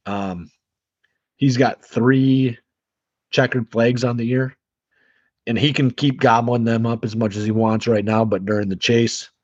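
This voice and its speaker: A man's voice: medium pitch, steady tone, unhurried, long pauses, slightly rough, dry recording. A man co-hosting a sports podcast in casual chat, blunt and opinionated, swearing freely. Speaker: podcast co-host. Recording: slightly muffled lo-fi recording.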